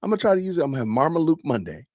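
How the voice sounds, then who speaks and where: A male podcast host in his fifties talks in a casual, joking way and chats with his live audience. His pitch swings widely as he reacts. The sound is close and dry, with no room around it. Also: very animated, very fast, a little mellow, dry recording. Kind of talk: casual commentary on videos.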